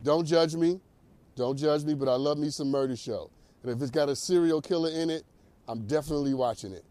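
A man hosting a talk show, delivering an animated, preacherly monologue. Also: fairly high pitch, fairly quick. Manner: animated, preacherly, laughs at own jokes. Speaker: host.

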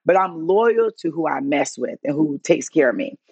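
A woman's voice: sits low, normal speed, gravelly, husky, dry recording. A woman chatting as a podcast guest, telling stories with lots of swearing and laughter. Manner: profane, laughing, animated storyteller. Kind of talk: casual interview chat.

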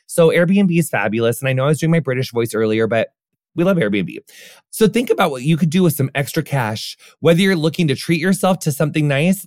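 A man's voice: mid-range voice, dry recording, clean studio sound. A man reading an ad in a campy, chatty, flamboyant way. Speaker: host reading an ad. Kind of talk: casual ad read.

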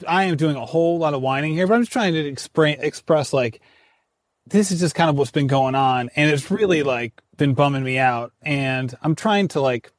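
A man's voice: a little high, dry recording, studio quality. A man around forty hosting a podcast, talking candidly in a rambling way, full of "like" and wry laughs. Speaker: podcast host and runner. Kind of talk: candid casual conversation.

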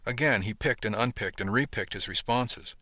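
A man narrates a novel in the first person with steady storytelling. His voice sits a little low but sounds bright and forceful. The recording is dry and close-miked. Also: normal speed, dry recording. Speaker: audiobook narrator.

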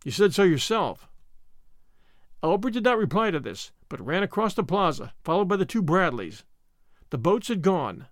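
A man narrating an adventure story in an expressive storytelling manner. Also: high voice, normal speed, no room sound, clean studio sound. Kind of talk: scripted narration.

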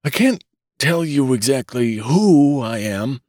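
Querulous old man in a storybook reading, whining and quavering, pitched up high, read by a man. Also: expressive, slow pace, darkish tone, no room sound, studio quality. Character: querulous old man who is a newborn, male.

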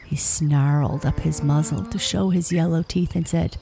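A woman narrates an animal fable slowly, drifting into a hush at times. Her low voice is dark and husky, with a gravelly fry. Crickets chirp faintly behind her. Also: fairly even intonation. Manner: slow, hushed, gravelly reading. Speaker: storyteller. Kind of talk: storybook narration.

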